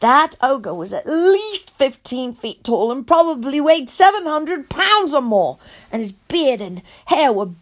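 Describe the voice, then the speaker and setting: Animated woman reading a storybook. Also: sits high, measured pace. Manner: animated, childlike narrator voice. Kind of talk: first-person storybook reading.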